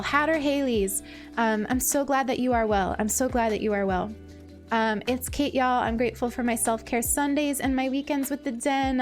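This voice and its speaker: Woman streamer, high-ish voice, gushing casual chat, faint music behind. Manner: gushing, thanks viewers with many fillers.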